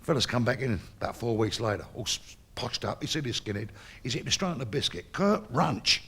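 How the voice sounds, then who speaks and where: Boisterous Cockney comedian with gravelly voice. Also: male voice, medium pitch, expressive, a little fast, fairly bright tone. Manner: crude, boisterous, laughs at his own jokes. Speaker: stand-up comedian. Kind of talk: bawdy stand-up joke telling.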